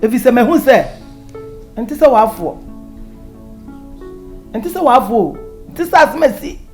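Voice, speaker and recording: A woman's voice: fairly high pitch, sing-song, normal speed, a little mellow, faint music behind. An actress playing a stern woman who lectures firmly. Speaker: film character. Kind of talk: Twi film dialogue.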